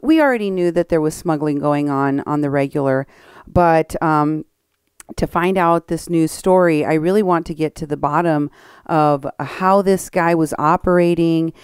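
A woman hosting a radio talk show, speaking in a polite, measured and steady way. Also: on the low side, smooth.

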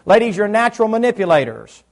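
Preacher guy, pretty high voice, chatty sermon, keeps asking the church questions. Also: big pitch swings, quick pace. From United States South. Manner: folksy, preachy, quizzing the crowd. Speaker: pastor.

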